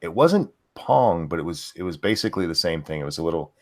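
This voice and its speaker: A man co-hosting a casual chat, talking haltingly and stammering as he starts his sentences. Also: low-pitched, lively intonation. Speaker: podcast co-host.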